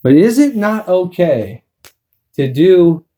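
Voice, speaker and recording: A man spinning crude comic stories on a podcast, rambling and profane. His voice sits a little high. He keeps the telling loose and playful. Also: sing-song, slow, dark tone, breathy edge. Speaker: podcast co-host.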